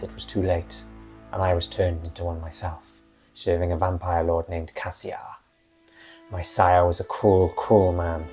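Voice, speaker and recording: A man reading as a calm, sorrowful, centuries-old good elf vampire, in a quiet voice with a sad tinge. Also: sits low. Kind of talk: reading a character monologue.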